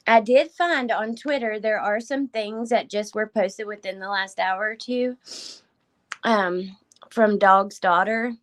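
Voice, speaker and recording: A woman hosting a casual livestream in a voice of ordinary middle pitch. She is fighting back tears and keeps slipping into soft whispers. In between she warmly thanks her viewers one by one. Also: measured pace. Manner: emotional, thanking viewers by name, voice dropping to whispers. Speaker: livestream host. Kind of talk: casual live-stream chat.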